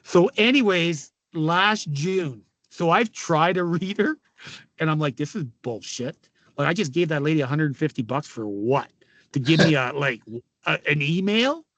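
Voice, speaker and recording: Guest, middle-aged Canadian man, storyteller, profane, slightly high voice, dry close mic. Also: normal speed, dry recording. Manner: animated, profane, quotes people in dialogue. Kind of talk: casual storytelling.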